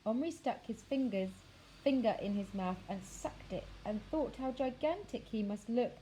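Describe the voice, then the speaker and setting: A woman teacher reading a children's novel aloud, with expressive, measured storytelling that slows for dramatic phrases. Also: a little high, slight background noise, poor audio.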